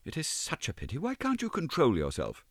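A man's voice: on the high side, wildly swooping pitch, brisk, no echo, clean studio sound, pitched above the performer's own voice, exaggerated voice. A male audiobook reader voicing a proud, poised young woman who speaks in a cool, reproving, lightly playful way. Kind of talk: audiobook character reading.

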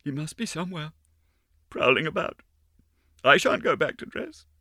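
A man's voice: a little high, animated, moderate pace, sharp tone, no room sound, clean studio sound, voice pushed up, full character voice. A man voicing a timid little girl dancer who talks insistently and fearfully in an audiobook reading. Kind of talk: audiobook character voice.

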